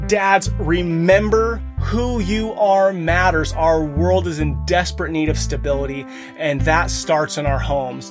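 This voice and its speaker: A man in his thirties or forties hosting a podcast for fathers, giving an earnest motivational talk from his home office and speaking straight to the listeners. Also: a little high. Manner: earnest, addresses listeners directly. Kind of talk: motivational monologue.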